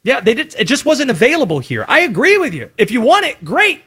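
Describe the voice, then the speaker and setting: Lively high-voiced man pushing back. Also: fairly quick, husky. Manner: pushes back, cuts in, hands off to callers. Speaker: sports radio host. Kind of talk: heated sports talk debate.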